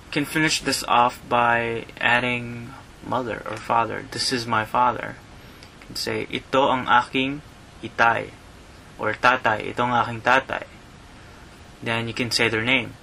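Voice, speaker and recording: A man hosting a podcast, teaching Tagalog words in a slow lesson and repeating each word patiently. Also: medium pitch, vocal fry, slight background noise, poor audio. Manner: repeats words slowly, relaxed and friendly. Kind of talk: slow language lesson with repetition.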